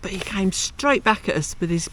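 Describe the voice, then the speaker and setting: A man's voice: high voice, animated, normal speed, a bit bright, slight background noise. A man from England with a South London accent, co-hosting a casual home podcast in a chatty, self-deprecating way. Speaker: podcast co-host. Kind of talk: casual chat. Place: home in France.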